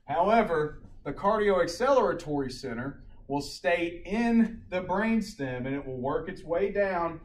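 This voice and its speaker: Male paramedic instructor, slightly high voice, casual classroom lecture, distant mic in a roomy hall. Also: measured pace. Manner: animated storyteller, acts out loud shouted quotes. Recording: echoey classroom from a distant mic, faint room noise.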